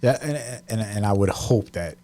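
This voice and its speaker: A man's voice: fairly low pitch, lively intonation, normal speed, warm tone. A man co-hosting a podcast in casual chat, laid-back and swearing casually. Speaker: podcast co-host.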